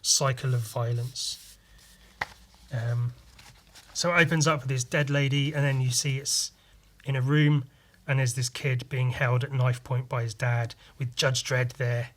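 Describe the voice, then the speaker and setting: A young man talks casually on his podcast in an ordinary mid-range voice, loose and rambling. He hesitates often with ums and acts out scenes with quick sound effects. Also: medium pitch, level tone. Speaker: podcast host. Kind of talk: casual chat about his own artwork.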